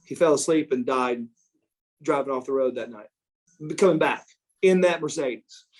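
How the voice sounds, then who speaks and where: A middle-aged man, an interview guest, telling stories in a casual, animated way, repeating words and acting out quotes. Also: medium pitch, moderate pace. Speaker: interview guest, former pro wrestler. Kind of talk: casual storytelling.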